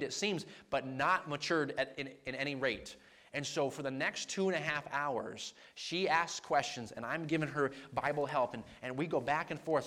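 A man preaching as a traveling evangelist, telling a personal story and acting out the dialogue with lively energy. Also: on the high side. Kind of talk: storytelling sermon.

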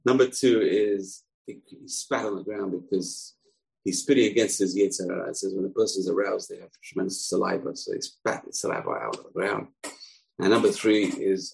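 A man teaching through an animated storytelling lesson. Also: low-pitched, fairly quick, vocal fry, rough recording.

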